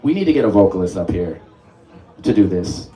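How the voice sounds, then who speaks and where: A man's voice: low-pitched, big pitch swings, fairly quick, mellow. A man leading a live music workshop, coaxing the group along and laughing often. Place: workshop room with live audience.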